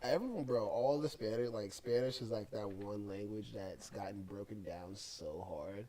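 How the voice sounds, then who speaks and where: A man's voice: on the low side, normal speed, dark tone. A young man co-hosting a casual podcast chat, rambling with lots of fillers and cursing freely. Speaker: podcast co-host.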